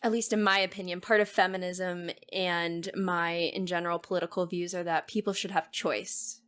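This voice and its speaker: This is a young woman hosting a podcast, speaking in a slightly low, easygoing voice. She sounds enthusiastic and affirming, with a faint hoarseness as her voice starts to give out. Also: fairly even intonation, normal speed, a bit bright. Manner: enthusiastic, affirming, frequent agreement. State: losing her voice. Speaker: podcast host. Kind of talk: casual conversational interview.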